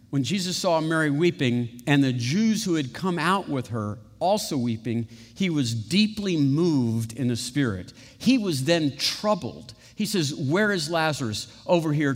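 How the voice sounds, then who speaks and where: A male pastor giving a sermon with conversational asides and rhetorical questions, building to emphatic peaks and dropping to hushed, slow passages. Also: fairly high pitch. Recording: long reverb of a large hall.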